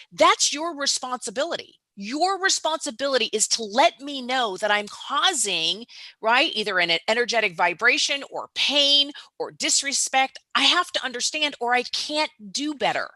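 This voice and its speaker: Woman entrepreneur, interview guest; bright, slightly high, dry close sound; emphatic, acts out dialogue. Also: lively intonation, moderate pace, no echo. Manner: emphatic, tags points with "right?"; acts out both sides of dialogues. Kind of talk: motivational interview talk.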